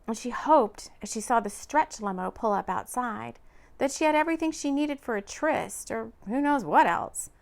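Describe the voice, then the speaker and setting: A woman narrating a romance audiobook in an expressive, lively reading. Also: fairly high pitch, moderate pace, gravelly.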